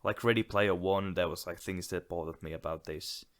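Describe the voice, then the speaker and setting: This is a man with a low, deep voice chatting casually about films as a podcast co-host. He is reflective and agreeable, and he often backs up his partner with quick affirmations. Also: steady tone, fairly bright tone. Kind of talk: casual film discussion.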